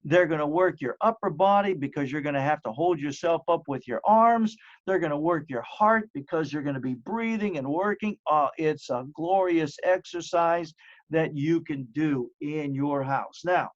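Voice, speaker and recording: A middle-aged man with a fairly high voice talks through home exercises in a chatty, encouraging way, piling up repeated phrases for emphasis. The audio is dull and lo-fi. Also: normal speed. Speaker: wellness presenter. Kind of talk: home fitness presentation.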